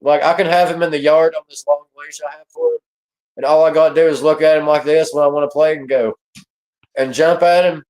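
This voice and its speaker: Easygoing man with a slightly higher voice. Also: fairly even intonation, a little fast, darkish tone, rough recording. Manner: easygoing, laughs a lot. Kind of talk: casual livestream chat.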